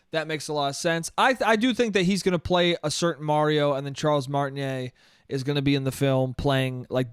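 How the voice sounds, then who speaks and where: A man's voice: a little high, smooth, no echo, studio quality. A young man ranting on his own comedy podcast, rambling and swearing, with "dude" thrown in often. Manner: profane, rambling, says "dude" a lot. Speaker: podcast host. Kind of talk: solo comedic podcast rant.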